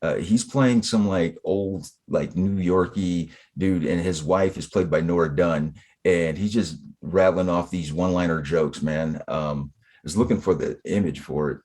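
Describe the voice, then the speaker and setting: A man with a deep voice, easygoing and chatty as he recaps old TV sketches for his co-host. He keeps dropping in "man" and "uh" as he goes. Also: measured pace, darkish tone. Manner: laid-back, recapping with fillers like "man" and "uh". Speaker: podcast co-host. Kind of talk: casual chat.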